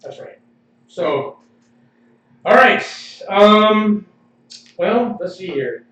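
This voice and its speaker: A man's voice: high-pitched, expressive, extremely slow, bright, forceful tone. A man co-hosting a podcast in casual chat, opinionated and laughing often. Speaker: podcast co-host. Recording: roomy, distant, slightly dull livestream audio.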